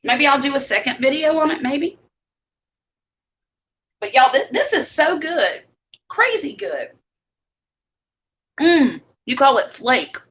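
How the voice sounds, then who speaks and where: A woman's voice: high voice, animated, takes it slowly, pauses often, fairly bright tone. A middle-aged woman with a Southern US accent, chatting casually with viewers on a live stream while she eats. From Mississippi Gulf Coast. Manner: chatty, homey, talks while eating. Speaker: vlog host. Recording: dull lo-fi live stream audio.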